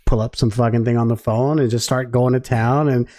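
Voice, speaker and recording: A man in the middle range of pitch tells a crude story in a laid-back, easygoing way, swearing often and answering with a steady "yeah". The sound is dry and close, with no room echo. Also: a little fast. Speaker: podcast co-host. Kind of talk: casual chat.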